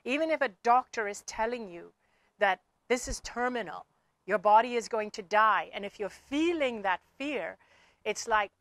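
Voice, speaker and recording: Woman, spiritual speaker; earnest, repetitive motivational delivery, higher-pitched voice. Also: lively intonation, normal speed, a bit bright, no room sound. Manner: earnest, repeats herself with fillers. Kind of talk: motivational talk to viewers.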